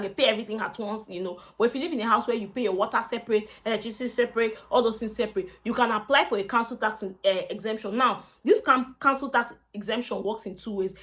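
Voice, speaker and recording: A woman's voice: on the high side, a bit bright. Nigerian girl vlogging student tips, chatty, repeats stuff, bits of pidgin. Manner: chatty, repeats herself, mixes in pidgin asides. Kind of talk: casual advice vlog.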